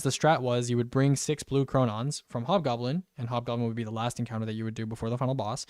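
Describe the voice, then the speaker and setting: Young male gaming host, casual and rambling, mid-pitched, clean resonant tone at a dry home mic. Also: a little mellow, clear, resonant tone, dry recording. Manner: rambling, full of "like" and "right?" tags. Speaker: gaming content creator. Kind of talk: casual chat about game updates.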